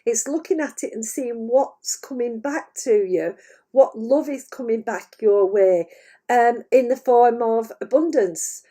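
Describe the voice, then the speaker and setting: A woman working as a psychic medium, passing on channelled spiritual messages in a gentle, hesitant way, a little wheezy and breaking into laughter often. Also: a little high, unhurried. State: wheezy, clearing her chest. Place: at home.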